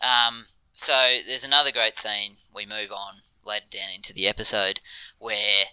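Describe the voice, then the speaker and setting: A man's voice: lowish voice, level tone, normal speed, sharp tone, clear, resonant tone, dry recording, poor audio. A man co-hosting a podcast, chatting enthusiastically about a TV episode, with frequent ums and laughter. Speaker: podcast co-host. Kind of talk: casual chat reviewing a TV episode.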